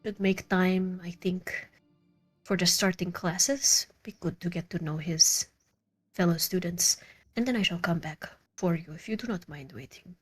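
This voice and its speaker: Lady doing a calm proper middle-aged scholar guy, measured, formal, husky. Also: lowish voice, soft background music.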